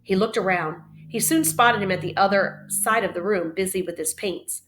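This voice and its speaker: A woman's voice: medium pitch, normal speed, a bit bright, a little hiss or hum. A woman teacher reading a novel aloud expressively, with playful teaching asides. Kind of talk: read-aloud storytelling.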